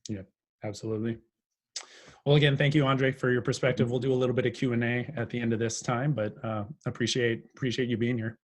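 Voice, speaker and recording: A man's voice: mid-range voice, steady tone, fast. A man who moderates a foundation's online panel, polite and appreciative, speaking loosely over a video call.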